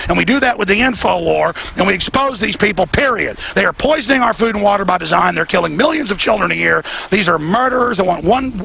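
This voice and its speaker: A male host ranting fervently on location outdoors. His voice sits high and heavily gravelly, hard-edged and forceful, with faint noise behind. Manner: fervent, rapid, repetitive ranting. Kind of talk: heated on-location commentary. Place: outdoors outside an event venue.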